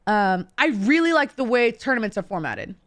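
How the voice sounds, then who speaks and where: A woman's voice: a little high, big pitch swings, normal speed, no echo, clean studio sound. A woman guest on a podcast, talking casually and laughing often.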